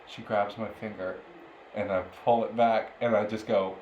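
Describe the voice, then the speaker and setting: A man's voice: fairly low pitch, steady tone, moderate pace, darkish tone, muffled recording. A young man co-hosting a podcast, telling a story in casual chat and laughing often along the way. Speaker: podcast co-host. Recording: roomy, with faint background noise.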